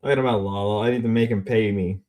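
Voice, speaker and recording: A young man streaming casual commentary, rambling and swearing, repeating himself and swinging between mumbling and loud outbursts. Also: on the low side, steady tone, fast talker.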